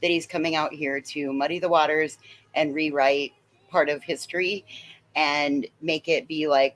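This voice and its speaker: A woman's voice: sits low, steady tone, unhurried. A woman on a livestream panel, giving casual commentary with some hesitation. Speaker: panel guest.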